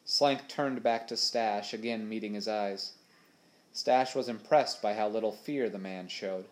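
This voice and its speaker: A man reading a children's adventure novel aloud with steady, expressive storytelling. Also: on the low side, unhurried. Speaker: audiobook narrator. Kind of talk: storybook narration.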